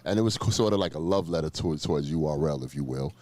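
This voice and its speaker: A man with a very deep, low voice hosts a relaxed sit-down interview. He talks emphatically, circling back over his phrases to drive a point home. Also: fast, dry recording. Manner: emphatic, repeats himself for stress. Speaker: interview host.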